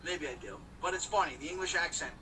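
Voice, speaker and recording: A man talks loosely to his viewers from the driver's seat, joking and rambling, in a fairly high, bright voice. He sits a little back from the phone, and faint road noise runs underneath. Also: animated, quick pace, recorded from a distance, poor audio. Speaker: host of a live stream. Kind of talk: casual live-stream chat while driving. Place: in a car.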